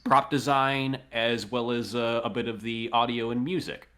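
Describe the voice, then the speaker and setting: A young man with a bright, forceful tone talking through his work on a video call. He is eager and chatty, with plenty of uhs and likes. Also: mid-range voice, little pitch movement, moderate pace. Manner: enthusiastic, chatty with filler words. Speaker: animator, rigging lead. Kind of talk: casual video-call interview.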